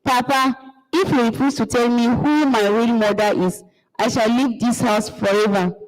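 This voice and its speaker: Brief: woman reading as a desperate young son, high voice, echoing hall. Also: normal speed, lightly acted. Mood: pleading. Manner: insistent, pleading. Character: young man demanding to know his mother. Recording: long hall reverb.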